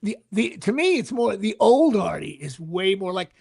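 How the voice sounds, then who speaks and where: High, gravelly middle-aged man telling stories. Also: sing-song, normal speed, darkish tone. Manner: rambling, restarts sentences, sports asides. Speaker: actor guest. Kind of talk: casual anecdotal storytelling.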